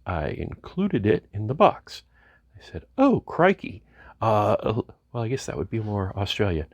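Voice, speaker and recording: A man's voice: on the low side, big pitch swings, normal speed, no echo, muffled recording. Wry, rambling man in a dry space. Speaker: home mechanic vlogger. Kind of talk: casual DIY repair vlog.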